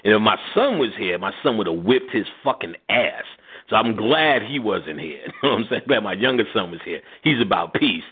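Heard through phone-line sound, a middle-aged radio host chats his way through stories, swearing freely, laughing a lot, and mimicking the voices of people he quotes. His voice sits on the low side, animated and a little fast, with a breathy edge.

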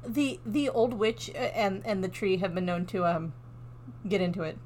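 A woman's voice: mid-range voice, moderate pace, darkish tone, a little hiss or hum. A woman co-hosting a podcast in casual chat, playful and laughing, acting out characters as she tells stories. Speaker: podcast co-host.

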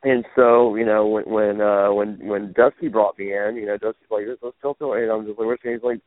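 A former wrestling manager, interviewed as a guest, tells stories loosely and animatedly, laughing and jumping up in pitch to act out what others said. His voice is low-set and brisk with few pauses. The tinny, phone-like line sounds dry and close, with no room sound.

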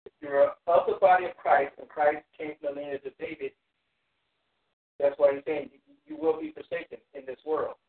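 Bible teacher on an echoey phone line. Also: male voice, a little high, very animated, recorded from a distance. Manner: reads verses in slow, measured King James phrasing, then explains plainly with fillers. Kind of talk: reading scripture aloud and explaining it. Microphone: phone or call line. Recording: tinny phone line with roomy echo.

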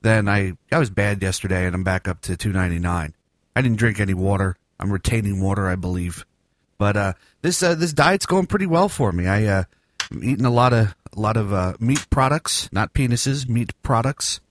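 A man's voice: fairly low pitch, animated, a little fast, dry recording. A man hosting a casual podcast in his morning voice, rambling and joking with many fillers. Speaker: podcast host.

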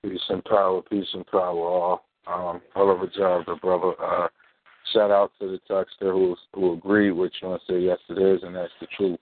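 A man hosting a talk radio show, with a steady, laid-back delivery, often pausing on "um" and clearing his throat. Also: deep voice, dry recording. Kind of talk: casual talk radio commentary. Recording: dry, tinny phone line.

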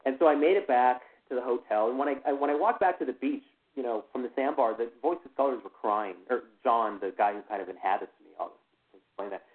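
A man tells his own story as an interview guest, stopping and restarting as he goes and leaning on "you know" between thoughts. His voice sits at an ordinary middle pitch. It comes through a thin, tinny phone line. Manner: halting, full of "you know" fillers and restarts. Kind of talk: personal account in an interview.

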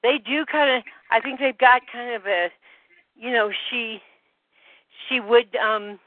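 A woman on a group phone call, slightly out of breath, talking in a halting way that trails off with many fillers. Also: on the high side, no echo. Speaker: call participant. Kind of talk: rambling phone call chat. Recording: dry phone-line audio.

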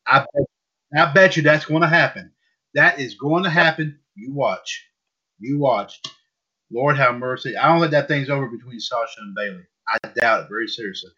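A man's voice: medium pitch, normal speed, sharp tone, breathy edge. A man hosting a casual wrestling news podcast, rambling and repeating himself. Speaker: podcast host. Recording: dull lo-fi audio.

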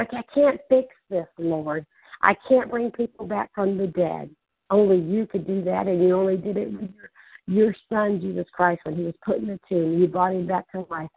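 A middle-aged woman preaches with fervor, her low voice gravelly and husky, slowing down to lean on key words. The sound is tinny and dry, as if carried over a phone line. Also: no echo. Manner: fervent, stretches key words slowly. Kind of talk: testimony sermon.

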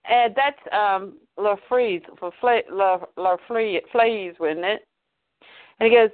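Animated woman podcast co-host, phone-quality sound. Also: mid-range voice, slow. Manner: animated, playful. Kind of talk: casual comic recap. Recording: tinny phone-like line.

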